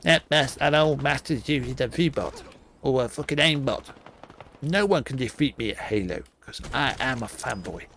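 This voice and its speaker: A man's voice: animated, normal speed, a bit bright, slight background noise. A man putting on the voice of a cocky, foul-mouthed young boy who trash-talks over a game's voice chat. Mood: taunting. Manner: squeaky, boastful, swearing taunts. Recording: game gunfire behind.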